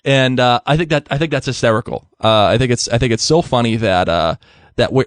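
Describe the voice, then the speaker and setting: A man's voice: medium pitch, fairly quick, clean tone, no room sound. A young man hosting a podcast, rambling casually with frequent laughter and restarts. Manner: giggly, rambling, many restarts. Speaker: podcast host.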